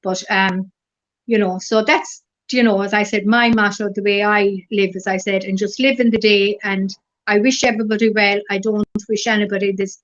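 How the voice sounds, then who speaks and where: A middle-aged woman with an Irish accent, a guest in a casual interview, telling stories gently and rambling through lots of fillers. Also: mid-range voice, level tone, normal speed. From Ireland. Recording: dull lo-fi recording.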